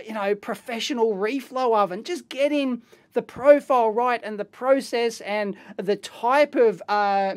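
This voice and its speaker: An excitable Australian man talks through an unboxing in his lab. His voice sits fairly high, and he rambles along in a casual way, full of slang and exclamations. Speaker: electronics video host. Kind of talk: casual unboxing and teardown commentary. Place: electronics lab, indoors.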